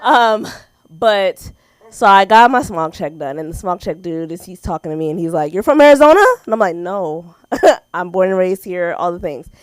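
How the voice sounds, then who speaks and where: At an open mic, an American woman with a lowish voice tells stories at a moderate pace, performing the characters with acted-out quotes and laughter. Her stand-up set is animated, and there's no echo.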